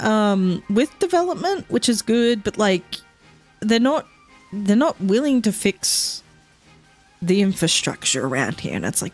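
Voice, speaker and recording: A woman's voice: medium pitch, very animated, a little slow, soft background music. A woman, chatting casually on a gaming stream and rambling, swearing and laughing often.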